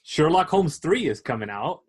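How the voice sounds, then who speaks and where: A man's voice: fairly high pitch, big pitch swings, moderate pace, breathy edge. Blunt man reading out movie news. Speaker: podcast co-host. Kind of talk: casual chat.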